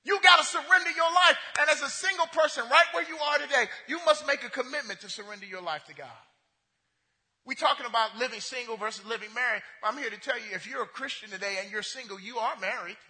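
A man preaching a sermon to a congregation, asking the crowd questions and slowing to stress key words. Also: extremely high pitch, bright, forceful tone. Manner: preaching with call-and-response questions. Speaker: pastor. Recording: echoey hall.

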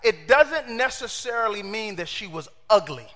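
A man preaching a sermon in an animated way, asking his congregation questions and acting out the quotes. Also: high-pitched, normal speed, long reverb tail.

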